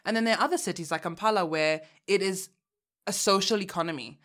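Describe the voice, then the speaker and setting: A podcast co-host from Uganda, she talks in an animated, slangy way and laughs easily. Her voice sits at a middle pitch for a woman. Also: fast talker. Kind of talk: casual podcast chat.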